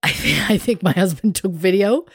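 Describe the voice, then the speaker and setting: This podcast co-host speaks at a normal pace in a lowish, slightly breathy voice, animatedly recounting a story in casual conversation and performing the other characters' lines. It's a dry, studio-grade recording.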